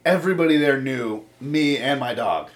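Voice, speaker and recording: A man with a mid-range voice chats casually at normal speed, with crowd noise in the background. He tells profane, animated stories full of swearing and acts out what people said in different voices.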